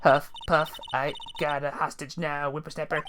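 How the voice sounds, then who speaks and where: A man's voice: a little high, little pitch movement, normal speed, close to an everyday voice. A man voicing a grumpy old woman guard from a video game who keeps huffing and puffing for breath between words as he reads her dialogue aloud. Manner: cranky, scolding, breathy gasps between words.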